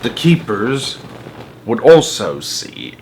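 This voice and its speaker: A man hosting a storytime channel, reading a children's novel aloud with slow, hushed, dramatic pacing. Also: mid-range voice, big pitch swings, gravelly, a little hiss or hum.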